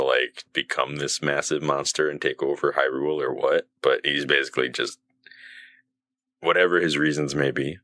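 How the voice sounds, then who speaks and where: A man's voice: rumbling low, bright, forceful tone. A man co-hosting a casual gaming podcast, rambling and laughing as he retells scenes. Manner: rambling, laughs often, acts out game characters. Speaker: podcast co-host.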